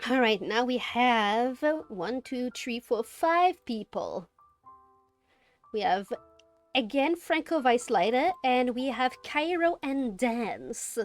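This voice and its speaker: A woman's voice: a little high, lively intonation, slow, faint music behind. A woman streamer reading an interactive story aloud, with playful joking asides.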